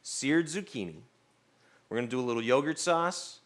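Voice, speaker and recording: A man's voice: mid-range voice, lively intonation, moderate pace. A man streaming himself cooking, chatting casually and playfully with his viewers and laughing often.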